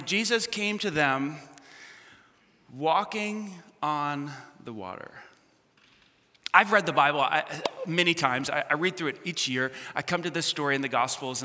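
A male pastor preaching a sermon, swinging from shouts to hushed near-whispers and calling on the congregation to answer back. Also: a little high. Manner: asks the congregation questions and calls for responses. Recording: long reverb of a big hall.

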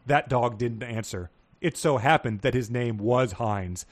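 Man, podcast host, reads excerpts aloud, animated voice for quoted dogs, laughs a lot. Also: mid-range voice, a little slow. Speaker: podcast co-host reading passages. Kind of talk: casual chat with read-aloud quiz passages.

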